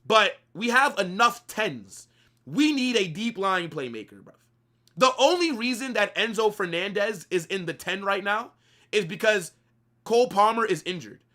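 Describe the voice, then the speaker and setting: A young man, co-hosting a live football watch-along, opinionated and animated, swearing casually and dropping slang. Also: high voice, moderate pace.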